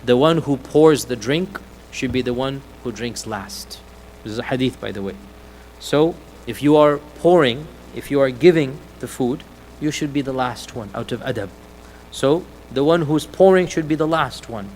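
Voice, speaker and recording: A male preacher giving an Islamic lecture, retelling a hadith in an animated storytelling way and acting out the quoted lines. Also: mid-range voice, normal speed, a little hiss or hum, rough recording. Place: mosque hall.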